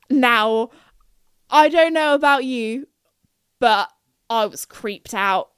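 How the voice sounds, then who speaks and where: A woman's voice: on the high side, takes it slowly, long pauses, fairly bright tone, clear, resonant tone, dry recording, clean studio sound. A young woman hosting a podcast, chatting in a bubbly, rambling way, full of fillers. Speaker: podcast host. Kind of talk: casual chat.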